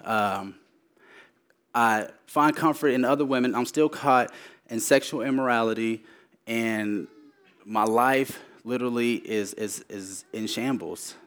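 A man preaching his personal testimony, repeating phrases for emphasis and moving between raised, urgent lines and hushed ones. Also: medium pitch, measured pace, clean tone. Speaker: speaker sharing his testimony.

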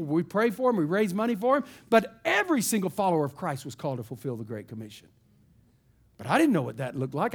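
Preacher guy telling a story from the pulpit, highish voice, folksy and animated. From East Texas. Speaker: pastor. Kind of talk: sermon storytelling.

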